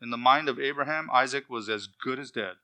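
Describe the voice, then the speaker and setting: Bright-voiced preacher teaching scripture. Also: male voice, medium pitch. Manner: emphatic, slows down to stress key words; reads scripture aloud and explains it. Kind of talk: expository sermon.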